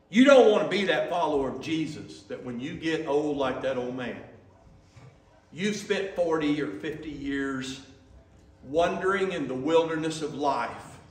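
Male pastor, conversational sermon, high register, recorded at a distance in a church. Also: roomy sound. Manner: lively, conversational, acts out quotes. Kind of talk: sermon with storytelling. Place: church sanctuary.

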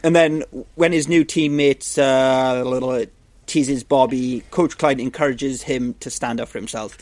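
Man, podcast co-host, chatty movie recap, dry recording, mid pitch. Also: steady tone, unhurried, darkish tone, no room sound. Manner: rambling recap with restarts and laughs. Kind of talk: casual movie-recap chat.

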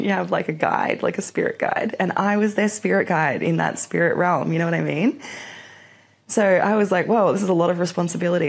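A woman hosting a solo podcast, speaking in a low, gravelly register with plenty of fry. She tells stories casually and chattily, with lots of fillers. She acts out her own reactions as she goes. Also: darkish tone. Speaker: podcast host.

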